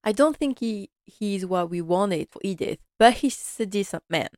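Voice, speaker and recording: A woman's voice: medium pitch, animated, normal speed, darkish tone, dry recording, clean studio sound. A woman chatting casually through an episode recap, laughing often and acting out the characters' lines. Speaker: series recap vlogger.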